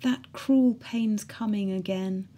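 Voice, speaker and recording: A woman voicing a frail young Irish soldier in pain, who speaks in a soft, weak, whispery voice. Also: mid-range voice, slow pace.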